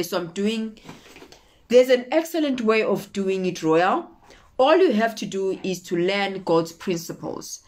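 Woman preaching with urgency. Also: fairly low pitch. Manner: repetitive, exhorting, often checking in with "okay?". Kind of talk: motivational sermon.

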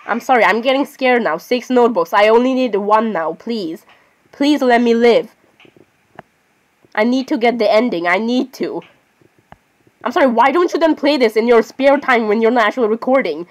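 Brisk and a little high-voiced, this woman hosts a gaming channel, talking casually through her gameplay. She keeps chatting, argues with herself, and often breaks off to say sorry.

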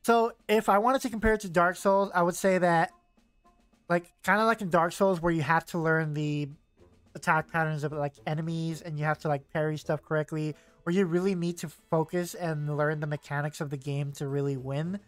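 A man's voice: fairly high pitch, steady tone, normal speed, fairly bright tone, faint music behind. A young man streaming a video game, chatting casually and rambling with lots of fillers and self-corrections. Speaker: gaming streamer. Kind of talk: casual let's-play chat.

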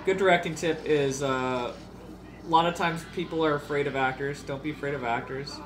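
Brief: young man, a bit high, relaxed chatty co-host giving tips. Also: fairly quick, background noise. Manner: loose, laughing, offers filmmaking tips. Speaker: film commentary co-host. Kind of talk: casual riffing over a film.

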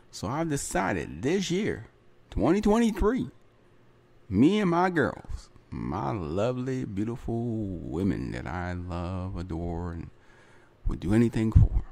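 A man's voice: on the low side, big pitch swings, slow, vocal fry, dark tone, dry recording. A man hosting his own podcast, talking in a chatty solo monologue full of repeats and asides like "right?" and "you know". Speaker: podcast host.

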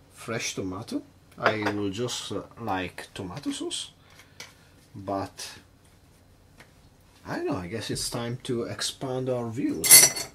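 A man with a mid-range voice hosts a casual cocktail-making vlog from his home bar, with background noise audible. He's chatty but hesitant, nervously making fun of himself.

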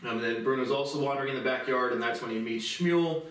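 A man giving a casual spoken film review, rambling and halting, with many fillers and restarts. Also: mid-range voice, fairly bright tone. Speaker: movie reviewer. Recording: very echoey room, voice far from the mic.

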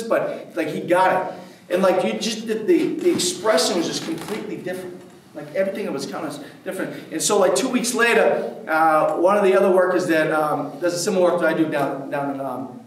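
A man who works in prison ministry tells stories to a church men's group in a casual, rambling way full of fillers. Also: high-pitched. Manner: casual, filler-heavy, with many "like"s. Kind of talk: storytelling talk to a church group. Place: church hall. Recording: very echoey hall, mic far off.

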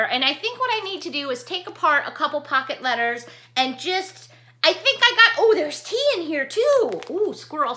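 A woman's voice: very high-pitched, sharp tone. A middle-aged woman vlogger chatting casually to camera, gushing and emotional with chatty asides. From United States.

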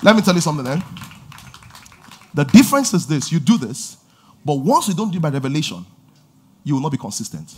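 A middle-aged man preaching a sermon in a church, with animated delivery and sudden loud exhortations. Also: a little high, a little fast, pauses often, husky. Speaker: pastor. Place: church auditorium.

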